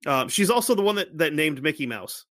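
A man's voice: on the high side, lively intonation, a little fast, fairly bright tone. A man co-hosting a podcast, joking around in casual chat and swearing a lot. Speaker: podcast co-host.

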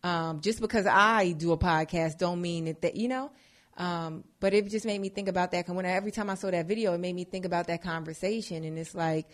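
A woman's voice: lowish voice, a little fast. A woman in her twenties hosting a podcast, talking casually and with feeling, swearing freely and jumping from one topic to the next. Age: 20s. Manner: chatty and animated, swearing freely, drifting between topics. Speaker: podcast host. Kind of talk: casual monologue.

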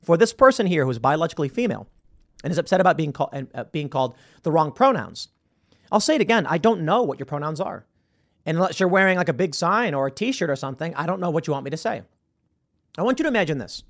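Animated male podcast host, emphatic. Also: a little high, fast talker. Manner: emphatic, argumentative, repeats words when restarting. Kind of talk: opinion commentary.

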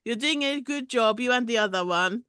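A woman's voice: a little high, animated, moderate pace, clean tone, no room sound, studio quality. Woman doing a hammy French rat caller. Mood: hammy flirty. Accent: put-on French. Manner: hammy, loud and showy. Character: flirty male rat caller from Paris. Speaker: podcast caller.

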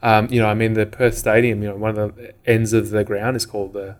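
A man's voice: fairly low pitch, little pitch movement, fairly quick. An Australian man co-hosting a podcast, chatting casually and rambling with lots of "you know" and "um". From Western Australia. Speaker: podcast co-host. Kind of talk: casual chat.

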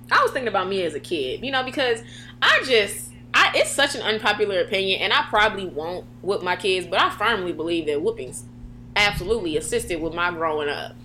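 A young adult woman co-hosting a podcast in casual chat, telling stories with animated, acted-out quotes. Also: slight background noise. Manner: animated storytelling, acts out quotes in a high voice. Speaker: podcast co-host.

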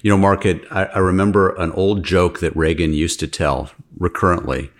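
A man hosts a podcast with a very low voice. He chats casually and tells anecdotes. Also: fairly even intonation, moderate pace. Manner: chatty anecdote-telling. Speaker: podcast host and physician.

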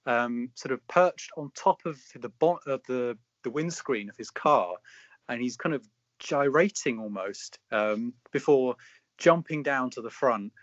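A man's voice: medium pitch, animated, measured pace, no room sound. Rambling man, dry sound. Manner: rambling, hesitant, often amused. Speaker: podcast co-host. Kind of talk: casual storytelling chat. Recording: dry, slightly dull sound.

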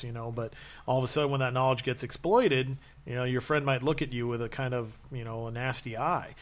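A man's voice: mid-range voice, brisk. A man in casual chat, telling long stories with many fillers and restarts and acting out quotes. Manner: rambling, animated storytelling with acted-out quotes.

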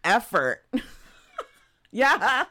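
A woman's voice: a little high, big pitch swings, drawn-out words, bright, forceful tone, dry recording. A woman co-hosting a podcast, telling a true crime case in a casual way with frequent laughs and chatty asides. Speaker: podcast co-host.

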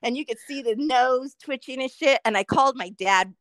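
A middle-aged woman co-hosting a casual podcast, telling a story with constant swearing and lively animation. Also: high voice, moderate pace, dry recording. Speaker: podcast co-host.

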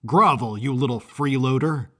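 A man's voice: mid-range voice, moderate pace, pushed and bright. A man voicing a raging, brutish circus strong man who bellows threats, in a storybook reading. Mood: bellowing rage.

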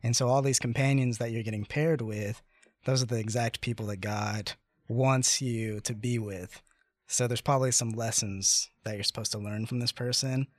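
A young man in his twenties hosts a relaxed conversation, telling stories with lively pacing and plenty of "like" and "you know." His voice sits at a middle pitch. The recording is dry and close, with no room sound. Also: dry recording. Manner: animated, fast-paced storytelling with fillers. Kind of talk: casual storytelling chat.

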